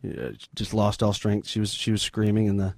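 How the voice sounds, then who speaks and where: Low-voiced man, earnest and halting. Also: flat delivery, creaky, dry recording. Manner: earnest, halting, sombre retelling. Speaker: missionary guest. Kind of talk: interview storytelling.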